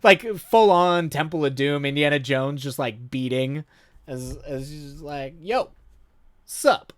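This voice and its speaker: Guy reading a story on stream, gets all excited n rambles, super dry sound. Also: a little high, unhurried, clear, resonant tone, no room sound. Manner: enthusiastic, rambling commentary with many fillers and restarts. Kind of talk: story reading with live commentary.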